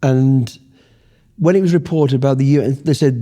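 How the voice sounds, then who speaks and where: A man's voice: mid-range voice, brisk, mellow. A middle-aged man, telling a war story in a casual interview, blunt and swearing freely. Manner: blunt, swears freely, acts out his past thoughts. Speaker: interview guest, former special forces soldier.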